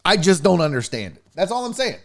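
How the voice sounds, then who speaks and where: This man hosts a sports podcast from home and has a fairly high voice that swings up and down a lot. He rambles, swears freely and jumps between topics as he talks to his live chat. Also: brisk, vocal fry. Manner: rambling, profane, animated, acts out silly voices. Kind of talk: casual live-stream chat. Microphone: podcast mixer setup.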